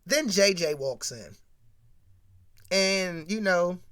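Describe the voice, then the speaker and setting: A casual show-recap commentator with a bright, forward tone. The delivery is slangy and digressive, addressed straight to the audience. It turns louder and more animated when walking through scenes. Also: mid-range voice, slow.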